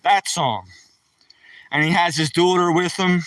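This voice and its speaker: A man's voice: high-pitched, measured pace, a bit bright, dry recording, distant mic, poor audio. A man telling a rambling story to live-stream viewers while walking outdoors in the woods, talking to viewers by name.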